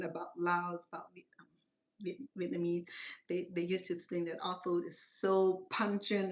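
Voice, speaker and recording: In a mid-range, fairly bright voice, a middle-aged woman who speaks Khmer natively and has a Cambodian accent hosts her home cooking channel. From the kitchen she drifts through stories in broken English, in casual, chatty cooking talk.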